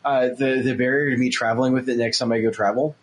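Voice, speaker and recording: A man co-hosting a podcast in casual chat, relaxed and jokey. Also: medium pitch, fast talker. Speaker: podcast co-host.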